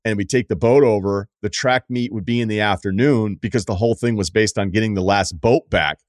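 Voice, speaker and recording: A man's voice: on the low side, a little fast, no echo, studio quality. A man in his forties from Massachusetts hosting a podcast, chatting loosely with a guest, joking and swearing freely. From Martha's Vineyard, Massachusetts. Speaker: podcast host. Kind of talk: casual podcast chat.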